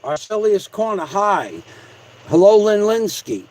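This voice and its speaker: High-voiced man chatting on a livestream. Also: lively intonation, a little slow, background noise. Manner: rambling, joking, repetitive shout-outs. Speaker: livestream host. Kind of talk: casual livestream chat reading comments.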